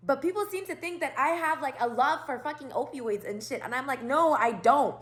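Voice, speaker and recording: Woman vlogger with a slightly high voice telling a rambling, profanity-heavy story to camera, acting out both sides of the conversation. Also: a little fast, hardly any pauses. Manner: rambling, profane, animated retelling. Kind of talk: casual storytime monologue.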